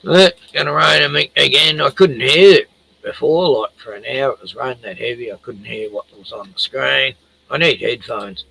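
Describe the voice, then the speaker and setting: An older man hosts a livestream of casual chat, rambling, laughing often and swearing freely. His mid-range voice has vocal fry and a pushed, bright quality at a moderate pace, and the low-quality recording carries a little hiss or hum.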